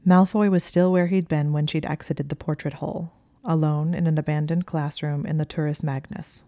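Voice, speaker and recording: A woman reading a story aloud in a steady, even storytelling manner. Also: low voice, moderate pace, no echo. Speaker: audiobook reader. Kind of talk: reading fan fiction aloud.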